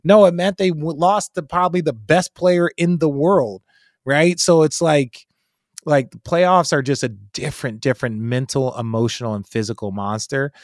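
A man hosting a casual sports chat, talking in an animated, emphatic way and swearing freely. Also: on the high side, moderate pace, no echo, studio quality.

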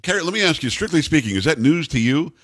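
A man's voice: on the high side, animated, fast talker, a bit bright, husky, no room sound. A man hosting a talk radio show in a studio, joking and teasing his co-host in casual, rambling banter.

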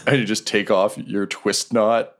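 A man's voice: lowish voice, steady tone, measured pace. A man narrating a tabletop game as game master in a casual, laughing way. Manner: casual, laughing, loose storytelling.

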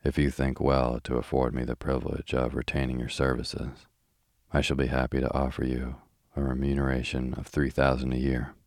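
Brief: a man reads a matter-of-fact tycoon, very low and steady, dry studio sound. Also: moderate pace, dry recording. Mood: brisk. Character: brisk decisive American male millionaire. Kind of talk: calm audiobook reading.

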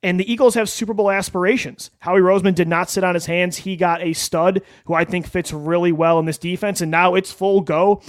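High-voiced man co-hosting a sports podcast. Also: fairly even intonation, fairly quick, hardly any pauses, no echo. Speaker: podcast co-host. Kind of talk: sports podcast chat and ad read.

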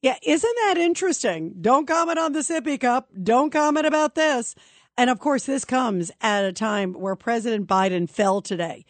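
Brooklyn-born lady hosting talk radio, kinda high voice, punchy and opinionated, dry close sound. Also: expressive, moderate pace, no room sound. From Brooklyn, New York. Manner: emphatic, opinionated, takes calls. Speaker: radio talk show host.

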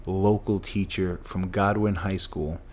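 Brief: middle-aged man, very low voice, earnest storyteller, faint hiss behind. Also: fairly even intonation, a little slow, darkish tone. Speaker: guest. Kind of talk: storytelling in a podcast interview.

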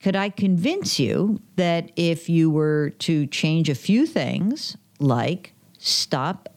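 Woman podcast guest, personal finance author, a bit low-pitched, conversational storyteller who acts out quoted lines. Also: expressive, slow, darkish tone. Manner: chatty, acts out quoted dialogue, many fillers.

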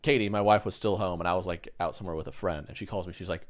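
A man's voice: sits low, fast. A young man co-hosting a podcast, telling stories casually and acting out quotes from people. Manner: animated storyteller, acts out quotes. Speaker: podcast co-host. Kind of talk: casual chat.

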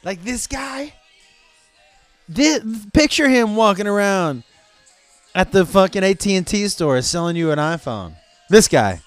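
A man's voice: high-pitched, big pitch swings, measured pace, pauses often, clean tone, faint music behind. A man hosting a podcast in a loose, profane, rambling comedic monologue. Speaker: podcast host.

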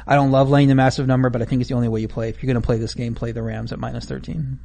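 A man's voice: medium pitch, little pitch movement, racing, creaky, mellow. A man co-hosting a podcast, giving casual football betting analysis packed with stats. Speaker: podcast co-host.

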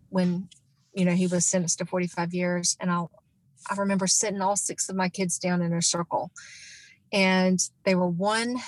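A woman's voice: mid-range voice, no room sound, rough recording. Earnest woman telling her life story. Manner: earnest, many fillers and restarts. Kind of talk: emotional personal storytelling.

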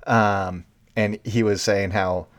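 A man's voice: fairly low pitch, steady tone, slow, no echo, studio quality. A man hosting a baseball show, giving unscripted, sarcastic commentary that turns into a rant. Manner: sarcastic, ranting. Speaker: baseball podcast host.

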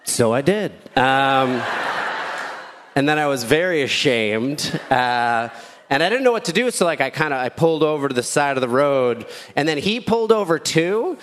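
A man's voice: lively intonation, moderate pace, a little hiss or hum. A man in his thirties telling a rambling, self-deprecating stand-up story as a new dad. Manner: rambling, self-deprecating, with squeaky shouted quotes. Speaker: stand-up comedian. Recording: echoey hall with faint ambience.

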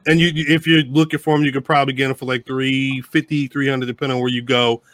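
A man's voice: medium pitch, flat delivery, fast, fairly bright tone, no echo. A man co-hosting a live podcast, rambling in casual chat with lots of profanity and restarts. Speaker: podcast co-host.

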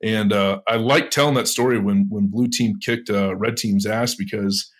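A man telling a story in a casual interview, animated, swearing, with many stammered restarts. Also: lowish voice, moderate pace. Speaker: penetration tester, interview guest.

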